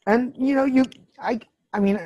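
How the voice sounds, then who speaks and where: A woman's voice: a little high, normal speed, warm tone, dry recording. A woman hosting a podcast, telling personal stories frankly with swearing and laughter. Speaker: podcast host. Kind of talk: candid casual chat.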